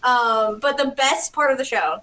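High-voiced woman telling animated stories. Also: normal speed. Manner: animated storyteller who acts out quotes and laughs often. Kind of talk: casual chat.

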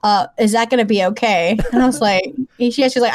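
A woman's voice: on the high side, quick pace, no room sound. Chatty woman with a light Southern lilt. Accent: light Southern American. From American South. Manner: chatty, giggly, rambling with fillers. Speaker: podcast co-host. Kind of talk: casual chat.

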